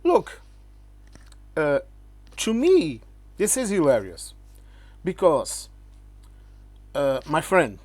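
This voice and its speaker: Slow and full of long pauses, a man with a fairly high, darkish voice and huge pitch swings addresses the camera to rebut critics, with no room sound. The channel host lectures emphatically, saying "okay?" again and again and calling the viewer "my friend".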